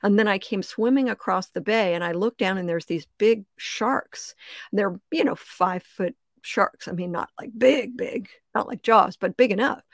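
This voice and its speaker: An older woman, a podcast guest, telling lively stories and laughing often. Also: medium pitch, moderate pace, no room sound, clean studio sound. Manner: laughs often, animated storyteller. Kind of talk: casual interview chat.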